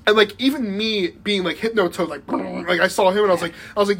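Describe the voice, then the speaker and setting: A man's voice: high voice, quick pace, few pauses, a bit bright, husky. Young man rambling through a story. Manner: rambling, lots of likes and restarts, laughs mid-story. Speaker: podcast guest. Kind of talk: casual storytelling chat.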